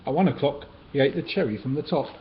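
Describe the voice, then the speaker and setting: A man reads children's picture books aloud in a gentle, sing-song manner. His voice sits at an ordinary male pitch. The recording is dull and lo-fi, with a faint steady hiss underneath. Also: fast talker. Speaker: storyteller.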